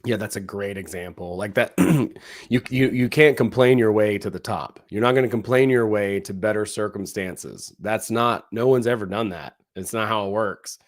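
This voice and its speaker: A man with a low voice chats casually as a co-host. He talks in an animated way, slipping into quoted voices and leaning on fillers. The sound is dry and close. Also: normal speed, no room sound. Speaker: co-host, comedy show producer. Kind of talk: casual conversational chat.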